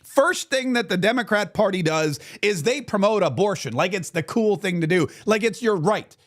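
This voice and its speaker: Guy hosting a talk show, high voice, swings all over the place, sarcastic rant. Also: normal speed. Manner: animated, sarcastic, acts out little scenes. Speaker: radio talk show host. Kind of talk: political commentary monologue.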